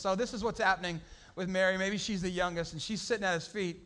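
High-voiced lively preacher man. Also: quick pace. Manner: lively, conversational preaching with playful acted-out voices. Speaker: pastor. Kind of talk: sermon.

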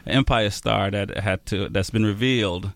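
A man hosting a radio show in casual chat, talking in a halting way with frequent restarts. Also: fairly low pitch, fairly even intonation, vocal fry, fairly bright tone.

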